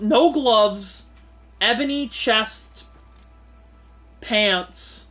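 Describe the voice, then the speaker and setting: A male streamer giving casual, joking commentary over gameplay. His voice is high and bouncy, swinging widely as he reacts. Faint game music plays behind him. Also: moderate pace. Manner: joking, animated, swearing.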